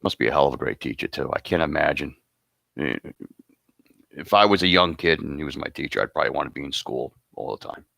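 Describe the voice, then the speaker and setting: A man's voice: rumbling low, expressive, fast, gravelly, bright, forceful tone, dry recording. A man hosting an awards show, rambling and joking casually between announcements. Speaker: host presenting awards.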